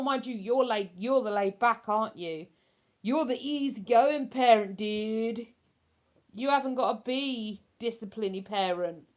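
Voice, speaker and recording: A woman hosting a casual livestream from home, chatting in a rambling way and laughing easily. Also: fairly high pitch. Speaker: livestream host. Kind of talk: casual live chat.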